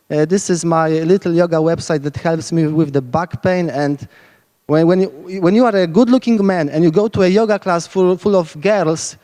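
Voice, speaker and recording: A man's voice: on the high side, darkish tone. A man from Poland with a Polish accent, giving an enthusiastic, rambling lightning talk full of fillers. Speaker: speaker giving a short conference talk. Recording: echoey hall reverb.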